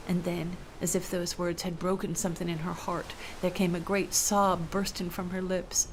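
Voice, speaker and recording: A woman's voice: lowish voice, flat delivery, moderate pace, hardly any pauses, background noise. A woman telling a first-person story aloud, emotional, dropping to whispers at tense moments.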